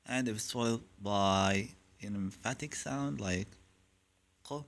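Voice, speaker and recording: A man gives a pronunciation lesson in a slow, deliberate delivery. His voice is bright and forceful, sitting at an ordinary middle pitch. He drills contrasting sounds again and again in paired repetitions. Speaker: Arabic pronunciation teacher. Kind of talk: slow, clear instructional lesson.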